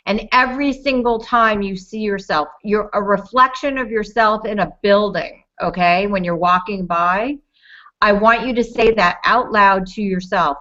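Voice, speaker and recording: A woman answers as a guest in an upbeat, coaching way. Her voice is bright and sharp. The recording is dull and lo-fi. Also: mid-range voice, normal speed. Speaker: guest, entrepreneur. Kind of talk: interview answers. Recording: dull lo-fi audio.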